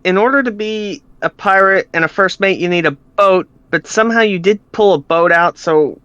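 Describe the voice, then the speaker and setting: A man speaks in character during a tabletop game with a blunt, deadpan delivery. His voice sits a little high for a man, and the recording is close and dry. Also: normal speed, clean tone, no echo, muffled recording. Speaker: player.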